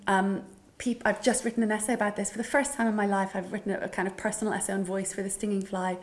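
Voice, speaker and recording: A woman's voice: medium pitch, flat delivery, quick pace. A middle-aged woman writer from Northern Ireland speaking reflectively at a literary event, with frequent ums and restarts. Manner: thoughtful, many ums and restarts, storytelling. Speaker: writer and anthology editor.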